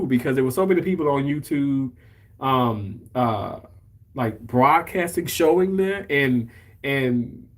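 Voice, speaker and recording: A man from Mississippi, hosting a livestream in a chatty, emotional and effusive way. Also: medium pitch. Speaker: livestream host. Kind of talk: casual chat.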